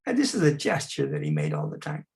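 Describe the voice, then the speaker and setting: A man's voice: very deep voice, wildly swooping pitch, quick pace, a little mellow. An older man leading a group through playful clown-face exercises, coaxing them and demonstrating sighs and growls over a video call. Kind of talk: instructional talk with face exercises.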